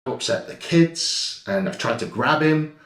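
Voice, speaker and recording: A man's voice: fairly high pitch, expressive, measured pace, fairly bright tone, reverberant. A man telling a story over security footage in a blunt, heated way, swearing freely. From England. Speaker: guest recounting an incident.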